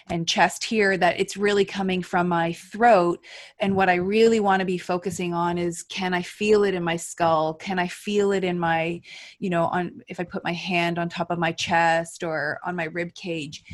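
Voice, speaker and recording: A woman teacher in a casual discussion, thinking aloud and summing up what she has learned. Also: fairly low pitch. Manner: thinks aloud, sums things up.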